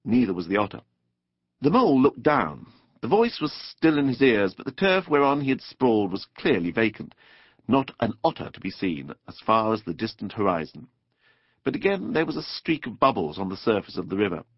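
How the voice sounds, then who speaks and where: A man narrating a children's storybook audiobook in an expressive, playful, animated way. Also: fairly low pitch, normal speed, slightly rough, dry recording. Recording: dull dry studio recording.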